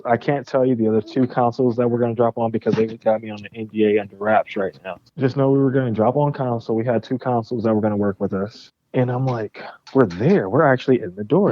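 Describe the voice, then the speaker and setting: A young man tells a story on a podcast in a lively, profane way, voicing each person in it. His pitch sits in the middle range. The audio is dull and dry, with no room sound. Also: no room sound. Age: young adult. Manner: animated, profane, acts out both sides of conversations. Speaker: game studio founder, guest.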